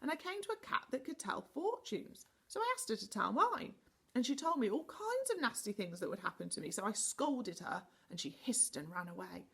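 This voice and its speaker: A sulky, whiny little girl, close to tears, her voice pitched up high and swooping with every complaint, as a woman reading a storybook puts her on. The tone is a little breathy, and every grumble rises into a wail. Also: very animated, normal speed, a bit bright, heavily acted. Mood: complaining.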